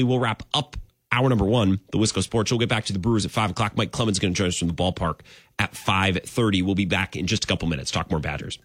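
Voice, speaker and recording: A man hosting a sports talk radio show, rambling and animated with sudden jumps in pitch. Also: dry recording, clean studio sound.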